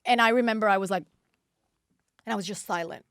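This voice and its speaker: A woman in her forties from Puerto Rico, a podcast guest telling a story with lively acted-out dialogue. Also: mid-range voice, fast, no echo, studio quality. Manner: acts out quoted dialogue, lively and chatty. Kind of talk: animated storytelling. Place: podcast studio.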